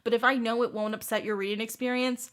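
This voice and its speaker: A woman's voice: on the high side, steady tone, fast talker, a bit bright. A woman hosting a casual book club chat on a video call, playful and teasing, laughing often.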